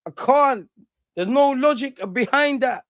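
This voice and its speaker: A man rants casually on his own livestream, full of slang. His voice sits high, and he swings between loud outbursts and low mutters. The sound is dry and close, with no room around it. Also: unhurried, no echo. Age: 30s. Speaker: livestream host.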